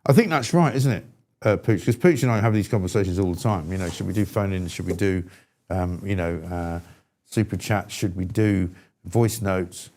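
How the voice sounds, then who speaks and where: A man's voice: low-pitched, moderate pace, a little mellow. A man hosting a live talk show, speaking bluntly and with exasperation, in an irascible style. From England. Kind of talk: opinionated live show chat.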